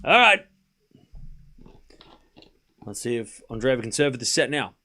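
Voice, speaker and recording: A young man's medium-pitched, sing-song voice with a sharp tone, a little slow, carries this live tennis watchalong. He's chatty, calling points and reading out where viewers are tuning in from between play calls.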